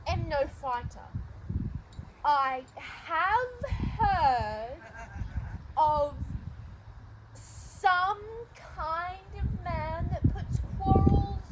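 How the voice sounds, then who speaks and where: A young woman playing a gentle disguised youth, hesitant and earnest. The voice sits very high and moves slowly. It's amateur outdoor Shakespeare with background noise clearly audible. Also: exaggerated voice. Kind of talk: open-air amateur Shakespeare stage acting. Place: open-air stage under the stars.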